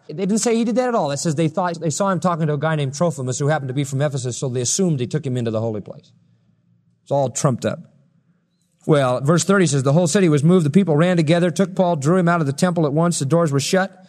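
A man's voice: on the high side, fast talker, a little mellow, long reverb tail. A man preaching a sermon, acting out quoted lines with a raised voice between plain explanation. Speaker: pastor.

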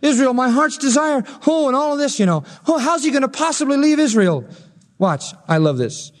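A man's voice: extremely high pitch, sing-song, fairly quick, big-room sound. A male pastor preaching an expository sermon, telling the story dramatically and acting out the quotes he reads.

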